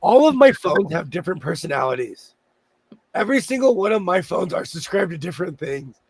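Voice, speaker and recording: Minnesotan man hosting a sewing stream, high gravelly voice, playful and loud at times, dry close sound. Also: big pitch swings, a little fast, no room sound. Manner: playful, laughing, bursts of loud exclamations. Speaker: sewing channel host. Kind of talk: casual livestream chat.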